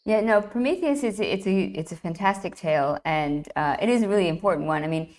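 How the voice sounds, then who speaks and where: A woman guest retelling an ancient myth in lively, enthusiastic conversation, often restarting her phrases. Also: mid-range voice, brisk. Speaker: guest, classics writer. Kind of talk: animated myth storytelling in conversation.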